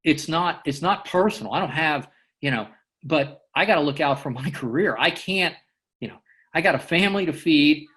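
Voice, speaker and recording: A man's voice: fairly high pitch, expressive, normal speed, a bit bright. A man speaking as an interview guest, a former FBI agent who answers thoughtfully and often repeats words as he thinks. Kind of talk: casual interview chat.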